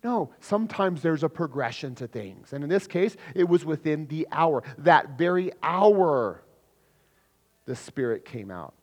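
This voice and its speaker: A man preaching a sermon to his church, swinging between loud emphatic lines and low quiet ones. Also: lively intonation, a little slow. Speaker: pastor. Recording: long hall reverb.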